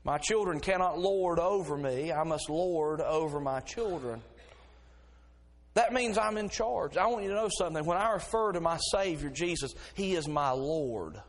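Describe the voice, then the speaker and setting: A middle-aged man delivers a sermon from the pulpit, his voice sitting a little high for a man. He tells homely stories in a relaxed, folksy way, then builds into fervent, insistent preaching. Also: moderate pace. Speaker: pastor.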